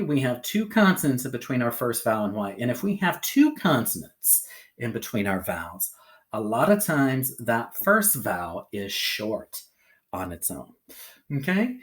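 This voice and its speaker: Male phonics teacher, patient and sing-song, lively pitch, sounds out letters slowly. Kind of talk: phonics lesson for children.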